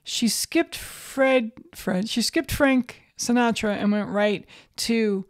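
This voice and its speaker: A woman's voice: fairly high pitch, slow pace. A middle-aged woman co-hosting a comedy podcast, talking casually, bluntly and jokily, with plenty of swearing. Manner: blunt, swears freely, jokey. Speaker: podcast co-host.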